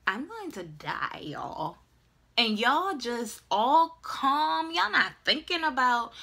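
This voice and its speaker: A young woman in her twenties telling a dramatic, animated personal story in a casual vlog. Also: sits high, slow. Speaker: vlogger.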